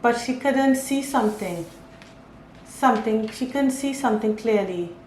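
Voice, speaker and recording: A woman's voice: on the high side, a little slow, a little mellow. A woman giving a casual tarot reading, thinking aloud and reading out card meanings. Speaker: tarot reader. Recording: echoey room, faint ambient noise.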